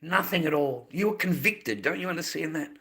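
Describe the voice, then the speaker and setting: A man rants on a live stream in a gravelly, husky voice with a tense, sharp edge. He is agitated, circles back to the same phrases, stammers and swears as he talks. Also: fairly high pitch, expressive, fairly quick. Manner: agitated, repeats phrases, swears, stumbles over words. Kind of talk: emotional livestream rant.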